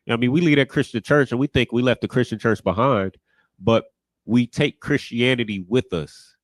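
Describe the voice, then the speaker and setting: A man's voice: medium pitch, brisk, no room sound. Casual-talking man teaching a class. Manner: casual, repeats "you know what I mean".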